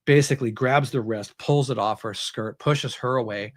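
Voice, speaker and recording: On an interview show, a male author with a mid-range voice speaks at normal speed. Casual and animated, he retells a story and acts out the people in it.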